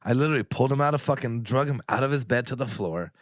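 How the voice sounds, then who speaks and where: A man's voice: medium pitch, racing, no room sound. A man co-hosting a podcast, telling a story in blunt, profane, worked-up casual chat, openly annoyed. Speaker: podcast co-host.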